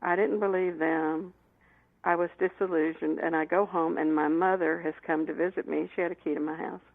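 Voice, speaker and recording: Gravelly-voiced woman on a phone line. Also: on the low side, fairly quick, no room sound. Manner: lively anecdotes with frequent laughs and restarts. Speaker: guest. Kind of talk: storytelling in an interview. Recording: tinny phone line, dry.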